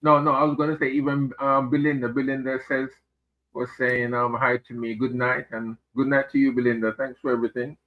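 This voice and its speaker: A man giving his views as a regular guest on a political chat show, speaking in a hesitant, measured way with many fillers and repeated words. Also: mid-range voice, flat delivery. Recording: tinny phone line.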